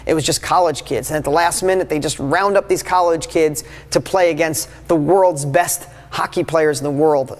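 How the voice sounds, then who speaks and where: A man in his fifties giving a live motivational talk to an audience, speaking in an enthusiastic, emphatic and conversational way. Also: fairly high pitch. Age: 50s. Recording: long hall reverb.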